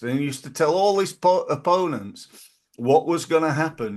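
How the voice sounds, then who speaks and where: Animated man hosting a podcast. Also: moderate pace. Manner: animated, punches quoted catchphrases with big pitch jumps. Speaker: podcast host. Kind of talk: casual motivational monologue.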